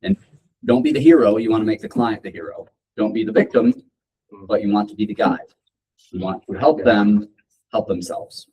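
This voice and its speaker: Moderator, male, low husky voice, relaxed summarizer. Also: normal speed, low-quality recording. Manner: relaxed, summarizing, asks questions. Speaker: panel moderator. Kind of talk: casual panel discussion.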